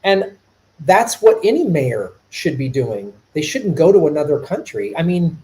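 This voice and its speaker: Animated middle-aged man hosting a live stream. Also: a little high, measured pace, rough recording. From Chicago. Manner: animated, rambling, with repeated restarts. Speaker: podcast host. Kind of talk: casual live-stream commentary.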